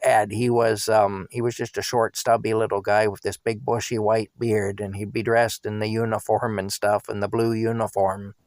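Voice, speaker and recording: Man, former cabbie, storytelling, animated, dry close sound. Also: fairly low pitch, moderate pace, few pauses, dry recording. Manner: animated, quoting people, chuckling. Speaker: former taxi driver. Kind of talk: casual personal storytelling.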